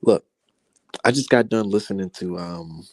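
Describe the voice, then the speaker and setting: A young man hosting his own boxing commentary, talking casually in a heated, profane rant that climbs high when he gets worked up. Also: a little slow, gravelly, dry recording.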